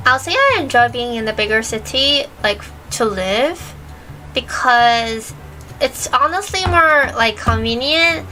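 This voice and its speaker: High, bright-voiced giggly woman streamer. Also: animated, measured pace, faint music behind, rough recording. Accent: mixed, part British, part American. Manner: giggly, searching for words. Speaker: virtual streamer. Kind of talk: casual stream chat reading chat questions.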